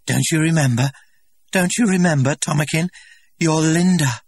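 A man's voice: a little high, moderate pace, breathy edge, no echo, voice pushed up. A man reading aloud who voices a desperate middle-aged woman, pleading and rising to shrieks.

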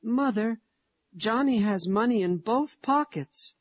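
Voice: mid-range voice, expressive, takes it slowly, no echo, muffled recording, voice pushed up. A reader voicing a small, sad boy who pleads through tears that his family is poor. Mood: wistful. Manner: pleading, tearful.

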